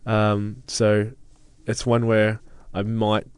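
A man's voice: on the low side, completely flat delivery, takes it slowly, clean tone, dry recording. A man co-hosting a casual podcast, teasing his co-host with dry sarcasm. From Australia. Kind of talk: casual chat.

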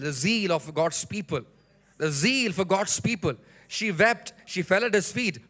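A man's voice: fairly high pitch, a bit bright. A male pastor preaching a sermon in a church, leading the congregation in call-and-response with emphatic repetition. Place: church sanctuary.

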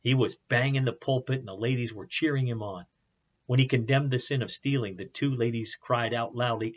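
A male pastor preaching earnestly at a middle pitch, his voice slightly husky. He poses pointed questions to the congregation, and the recording sounds dull and lo-fi. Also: moderate pace. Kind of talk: sermon.

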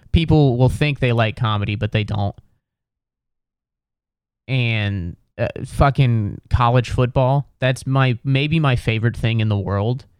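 A man's voice: mid-range voice, smooth, dry recording. A young man from Ohio rambling sardonically on his solo podcast, slipping into mocking voices. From Cincinnati, Ohio. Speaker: podcast host. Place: New York City.

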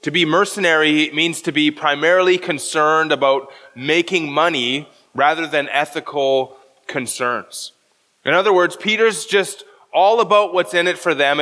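A man's voice: on the high side, unhurried, sharp tone, big-room sound. A man preaching a sermon as pastor, walking through a scripture passage verse by verse and explaining the original Greek.

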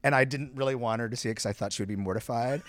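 A man from Canada, a theatremaker guest, talking casually in an interview as an animated storyteller who says "like" a lot and laughs often. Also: medium pitch, very fast.

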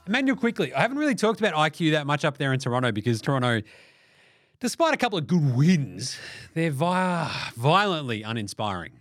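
Man, podcast host, sarcastic, swears freely, lively swinging pitch, fairly high voice, dry close sound. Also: fairly quick, dry recording. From Australia. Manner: profane, sarcastic, animated. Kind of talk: solo sports podcast rant.

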